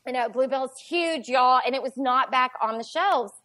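A woman, telling a family story in a chatty, animated podcast conversation. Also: high voice, normal speed. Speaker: podcast guest. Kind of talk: casual storytelling chat.

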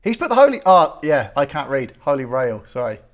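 A man's voice: medium pitch, big pitch swings, fairly quick, lo-fi sound. A man hosting a podcast, reading out listener questions and laughing along with his guest. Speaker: podcast host. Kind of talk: casual podcast interview.

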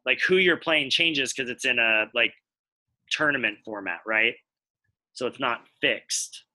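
A man's voice: mid-range voice, measured pace, pushed and bright. An American man co-hosting a podcast, explaining things at length in casual chat while thinking aloud. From United States. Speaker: podcast co-host.

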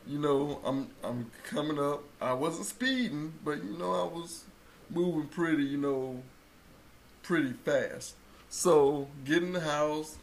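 A man telling a story in casual chat, acting out quotes and rising to loud bursts. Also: fairly high pitch, slow, gravelly, a little hiss or hum. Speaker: co-host telling a birth story.

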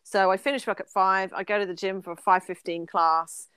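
A woman in her forties co-hosts a podcast in an easy, chatty way, laughing as she goes. Her voice is smooth and clear. The recording is dry and close to the mic. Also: medium pitch, steady tone, fairly quick, a bit bright, no echo. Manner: chatty, laughs often, sings snatches of songs. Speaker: podcast co-host. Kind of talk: casual chat.

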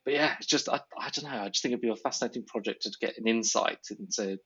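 A man's voice: mid-range voice, fast, bright, forceful tone, breathy edge. A man in casual conversation, reflective and stumbling over repeated words as he thinks aloud. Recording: dull lo-fi audio.

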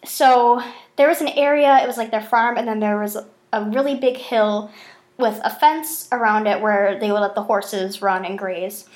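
A young woman telling stories in a casual podcast chat, animated and swearing freely. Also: mid-range voice, normal speed. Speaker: podcast host.

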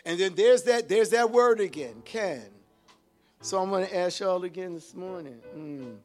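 A man preaching a sermon as pastor, swinging between hushed asides and shouted calls to the congregation. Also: sits high, measured pace, faint music behind. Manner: animated, call-and-response preaching with sudden shifts from hushed to shouted.

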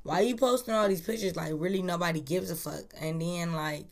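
A woman hosting a casual news chat podcast, talking in a profane, lively way and recorded on an iPhone. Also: lowish voice, a little fast, slight background noise. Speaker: podcast host.

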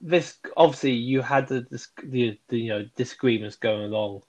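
A man's voice: medium pitch, normal speed, darkish tone, rough recording. A man co-hosting a podcast, talking casually about films with lots of hesitation and agreement. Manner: hesitant, many fillers, agreeable. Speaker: podcast co-host. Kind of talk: casual film chat.

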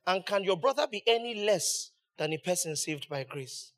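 A man's voice: sits high, expressive, normal speed, a bit bright. A man preaching a sermon as pastor, building emphasis with rhetorical questions.

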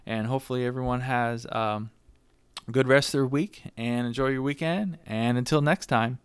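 A man's voice: medium pitch, normal speed, clear, resonant tone, no echo, studio quality. A man hosting a casual solo podcast, rambling and chatty, with many fillers and restarts. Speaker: podcast host.

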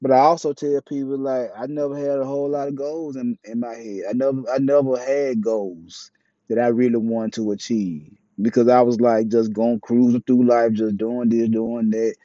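Blunt, profane man with a dark voice. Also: mid-range voice, flat delivery, normal speed, no echo. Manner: blunt, profane, preachy street talk. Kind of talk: casual monologue, opinionated. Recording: dull, dry, lo-fi mic.

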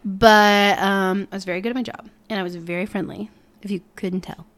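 A young woman in casual chat, telling lively stories and acting out customers in voices. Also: mid-range voice, fairly quick. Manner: animated storyteller, acts out customers in voices.

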